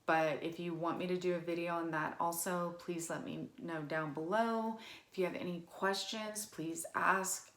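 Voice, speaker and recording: A woman, talking emotionally and haltingly in a casual personal vlog, with many fillers and restarts. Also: on the low side, steady tone, fairly bright tone. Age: 40s. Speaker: vlogger. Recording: echoey room.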